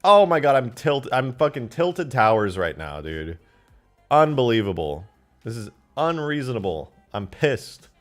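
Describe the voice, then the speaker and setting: A man commentating his game modding on a live stream, excitable and foul-mouthed, swinging into loud outbursts. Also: mid-range voice, unhurried, soft background music. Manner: excitable, swears a lot, flares into loud outbursts.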